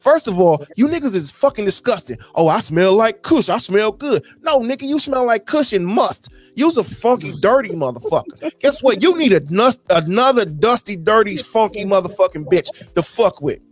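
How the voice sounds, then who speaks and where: A man, ranting loudly with lots of profanity on a casual podcast. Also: high voice, normal speed, hardly any pauses, faint music behind. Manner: loud, profane, animated ranting. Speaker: podcast co-host. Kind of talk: heated casual rant.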